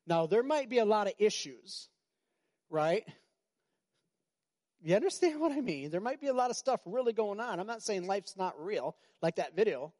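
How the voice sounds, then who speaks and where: A man's voice: high-pitched, animated, normal speed, darkish tone. Preaching man, conversational and repetitive. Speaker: pastor. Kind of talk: sermon.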